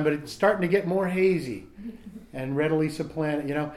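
A man's voice: high-pitched, animated, slow, pauses often. A man reading aloud from a recovery book and sharing his own story in a candid, self-mocking way, often restarting his sentences. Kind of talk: reading aloud and personal testimony.

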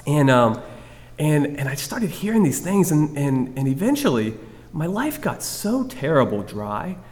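A man's voice: on the high side, big pitch swings, a little slow, a little mellow. A man sharing his recovery story candidly with a group, self-mocking and rambling, full of restarts. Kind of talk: candid personal testimony to a group. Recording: long reverb of a hall.

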